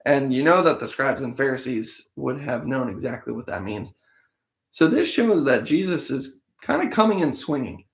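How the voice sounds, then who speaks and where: A man who hosts a daily Bible-reading show, reading verses aloud and then explaining them conversationally while he thinks aloud, with restarts along the way. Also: medium pitch. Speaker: Bible-in-a-year podcast host. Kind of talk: reading scripture aloud, then casual commentary.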